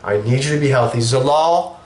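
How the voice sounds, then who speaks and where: A man's voice: medium pitch, a little fast. Profane young man with a cough. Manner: profane, blunt and animated. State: sick with a cough. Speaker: show host. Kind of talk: casual sports opinion monologue. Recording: echoey room with faint noise.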